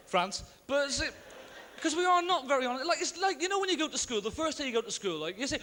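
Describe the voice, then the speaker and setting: A young man with a lilt performs stand-up in a big theatre, his voice high and bright as it swoops up and down. He slips in deadpan asides and quick put-on voices. The live recording carries a long hall reverb and a faint room hum. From Ireland. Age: young adult. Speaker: stand-up comedian. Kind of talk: stand-up comedy routine. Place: large theatre stage with audience.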